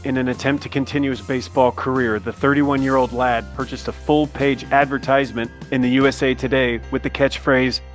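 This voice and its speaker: A man narrating a scripted tribute in a measured, respectful way. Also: medium pitch.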